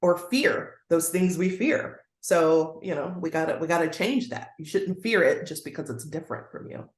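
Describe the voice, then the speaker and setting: Woman educator talking earnestly, kinda low voice, roomy echo around her. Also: lively intonation, moderate pace. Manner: earnest, acts out quoted voices. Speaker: guest educator. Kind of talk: conversational interview. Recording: roomy echoey sound.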